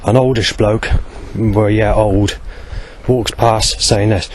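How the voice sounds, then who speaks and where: Rambling low-voiced man. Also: steady tone, takes it slowly, a little mellow, slight background noise. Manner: rambling, with many fillers. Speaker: vlogger. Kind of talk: walking monologue. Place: outdoors on a street.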